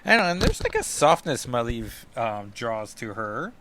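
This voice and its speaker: Chatty man, podcast comic reviewer, rambling asides, middle pitch. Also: big pitch swings, normal speed, background noise. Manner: rambling, self-deprecating, full of fillers and asides. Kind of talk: casual comic book review talk.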